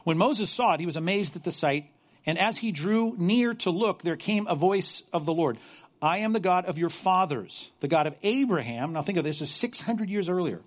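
A man's voice: high voice, expressive, normal speed. A man preaching a sermon and reading scripture aloud, earnest, often repeating words as he stresses a point. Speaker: pastor.

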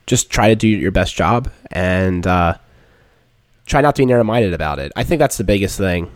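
Host, male, very low voice, relaxed reflective talk, dry close mic. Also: normal speed, no echo. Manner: relaxed, reflective, brief affirmations. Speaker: podcast host. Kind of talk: casual chat.

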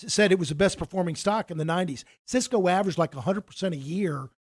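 A man's voice: sits high, fast, breathy edge. A middle-aged man, a financial advisor, telling a story in casual conversation, rambling with many restarts and acting out quoted dialogue.

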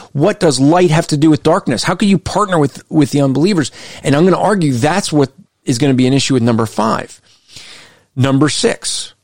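A man with a fairly high voice delivers pointed Christian commentary, pressing each argument with emphasis. He slows down deliberately to read passages aloud. The sound is dry and close, with no room around it. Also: a little mellow, dry recording. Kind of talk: critical commentary on a list of values.

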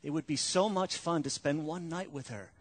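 A male pastor voicing a sly, seductive tempter in a soft, coaxing hush. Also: a little high, moderate pace, no room sound, lightly acted.

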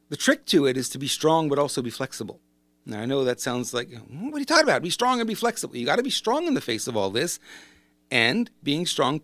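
A man's voice: mid-range voice, a bit bright. A man speaks in a loose, rambling way as a business coach, circling back and restarting his thoughts. His voice sits in an ordinary middle register. The recording is dry and close, with no room echo. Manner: rambling, conversational, self-correcting. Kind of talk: casual monologue to camera.

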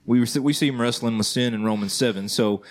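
A medium-pitched male voice moves along fairly quickly in casual Christian podcast chat. As co-host, he speaks earnestly and informally and keeps checking in with the others.

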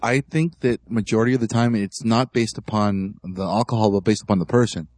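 A man co-hosting a podcast in casual chat, terse and deadpan, giving short dry answers. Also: fairly low pitch, brisk. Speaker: podcast co-host.

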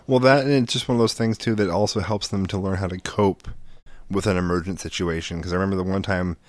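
A man's voice: low-pitched, steady tone, fast talker, no echo. A man co-hosting a podcast, telling stories animatedly, swearing freely and acting out the people he quotes. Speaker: podcast co-host. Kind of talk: casual podcast chat.

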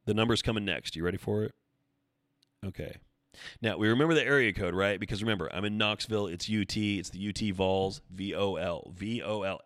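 A man's voice: on the low side, animated, a little fast, fairly bright tone, no room sound, clean studio sound. A man hosting a fitness podcast on his own, chatting casually and rambling with self-deprecating jokes. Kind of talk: casual solo podcast chat.

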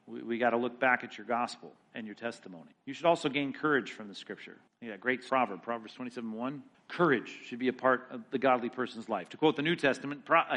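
Bright-voiced pastor teaching Scripture. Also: male voice, a little high. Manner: animated, quotes Scripture with rising emphasis, quick asides. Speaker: pastor teaching a Bible study. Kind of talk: sermon-style Bible teaching.

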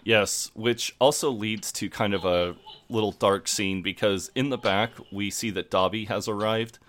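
A man with a fairly low voice talks through an episode in easy podcast chat. He quotes characters' lines in a dry, offhand way. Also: fairly even intonation, a little slow, a bit bright. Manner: recounts scenes, quoting lines dryly. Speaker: podcast co-host. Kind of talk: casual recap chat.

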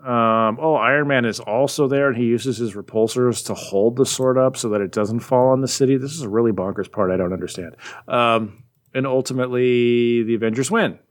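Man, podcast co-host, relaxed rambling recap, mid-pitched everyday voice. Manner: rambling, animated retelling with quick voices for characters. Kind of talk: casual chat.

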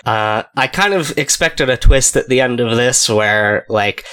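A man's voice: mid-range voice, measured pace, sharp tone, smooth. A man co-hosting a podcast, talking in a casual, rambling way with many fillers. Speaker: podcast co-host. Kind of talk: casual chat.

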